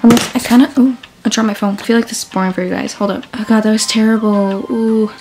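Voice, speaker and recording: A woman's voice: on the high side, fairly even intonation, fast talker, rough recording. A teenage girl vlogging at night from her bedroom into a camera on a tripod, chatty and self-mocking, often dropping into a whisper. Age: teens. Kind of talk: casual late-night vlog chat.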